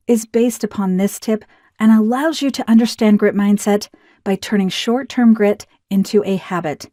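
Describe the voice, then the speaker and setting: A woman reading a scripted promotional narration in a smooth, even, persuasive way. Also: mid-range voice, no room sound, clean studio sound.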